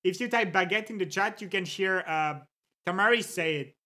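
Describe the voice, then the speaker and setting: A native French speaker streams live from a desk mic, chatting casually with viewers at a moderate pace in a middling pitch. The talk is excitable, breaking into laughter and curses while greeting names from the chat.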